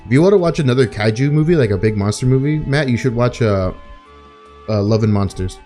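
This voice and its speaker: A man's voice: medium pitch, animated, fairly quick, mellow, soft background music. A man co-hosting a podcast, chatting casually, swearing and laughing as he rambles. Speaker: podcast co-host. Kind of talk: casual chat.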